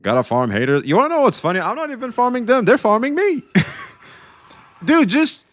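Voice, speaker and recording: Animated high-voiced male streamer. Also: moderate pace. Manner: animated, swings between excited and quietly emotional; swears freely, talks straight to chat. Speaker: livestreamer. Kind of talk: casual livestream chat.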